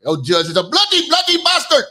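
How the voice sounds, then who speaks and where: A man putting on a high, shouting voice as a furious foul-mouthed man cursing a judge. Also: wildly swooping pitch, brisk, exaggerated voice.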